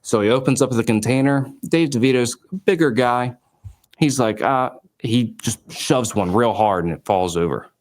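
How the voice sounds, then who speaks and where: A man in his late twenties who founded a company tells his story in an interview, full of fillers and lively quoted dialogue. His pitch is medium and he speaks at a normal speed.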